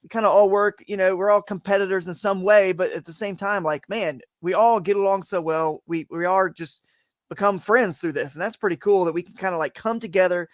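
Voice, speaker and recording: Chatty high-voiced male co-host. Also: dry recording. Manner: chatty, rambling, quick restarts. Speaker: co-host of a kayak fishing live show. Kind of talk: casual live-stream chat.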